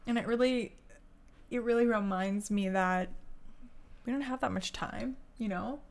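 A woman co-hosting a casual podcast, talking in a loose, rambling way and laughing often. Her voice has a gravelly edge of vocal fry, and she speaks close to a studio podcast mic. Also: on the high side, measured pace. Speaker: podcast co-host.

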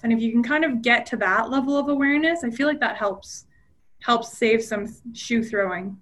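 A woman with a slightly high voice talks in an easy, conversational way. She tells personal stories with animation and slips into other voices when she quotes people. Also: a little fast. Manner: animated storyteller, acts out quoted dialogue. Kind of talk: casual chat.

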